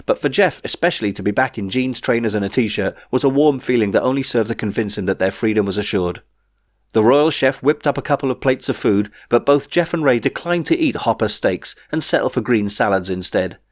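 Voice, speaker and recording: Man, audiobook narration, wry, measured, dry close recording. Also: mid-range voice, no echo. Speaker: author reading his novel.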